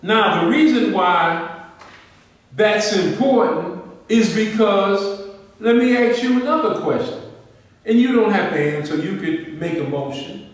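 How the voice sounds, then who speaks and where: High-voiced man lecturing in echoey hall. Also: expressive, measured pace. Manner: questioning, emphatic, repeats points. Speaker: history speaker. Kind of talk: lecture to a group. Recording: echoey room, distant mic.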